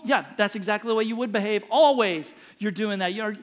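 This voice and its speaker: A middle-aged male pastor delivers a sermon with a fairly high-pitched voice. He speaks emphatically and repeats short phrases to hammer each point home. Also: moderate pace, fairly bright tone.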